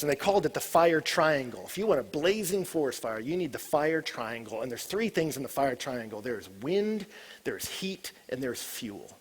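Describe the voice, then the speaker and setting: A man preaching a sermon, animated and storytelling, who swings from loud excited bursts to hushed, intense low passages. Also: husky.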